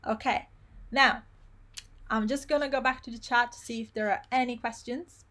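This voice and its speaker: A woman's voice: on the high side, fairly even intonation, a bit bright. Woman teaching pronunciation. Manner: slow, careful modeling of each syllable in pronunciation drills. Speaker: Italian language teacher. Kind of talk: live online language lesson.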